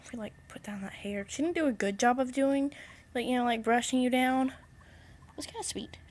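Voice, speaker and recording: A young woman with a fairly high voice films a casual daily vlog in her bedroom. She rambles in a chatty way and coos at her bunny and guinea pigs, her voice rising and softening as she talks to them. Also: normal speed. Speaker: vlogger. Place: bedroom at home.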